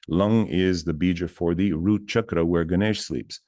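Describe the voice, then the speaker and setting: Deep-voiced man casually teaching chants. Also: moderate pace, mellow, no room sound, clean studio sound. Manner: chatty, self-mocking, chants syllables between explanations. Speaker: spiritual teacher. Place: outdoors near a bridge.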